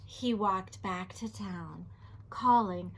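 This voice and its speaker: Reading a storybook to children, a female teacher speaks slowly in a fairly high voice, full of animation. She stops to ask the children questions and at times hushes down to a whisper.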